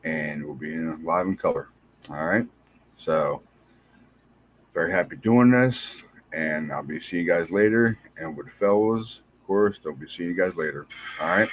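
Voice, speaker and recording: A married man hosting a podcast, giving casual, rambling shout-outs to listeners and repeating himself in a friendly way. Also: low-pitched, a little slow, breathy edge. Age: adult, married. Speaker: podcast host.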